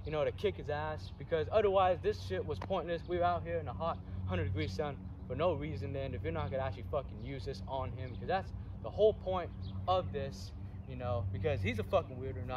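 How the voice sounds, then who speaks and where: An actor playing a hot-tempered, foul-mouthed fight instructor who curses and blusters, recorded outdoors. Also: male voice, on the high side, highs cut off, natural voice. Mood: gruff. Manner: cursing, blustering, filler-heavy. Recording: distant mic, clear outdoor noise.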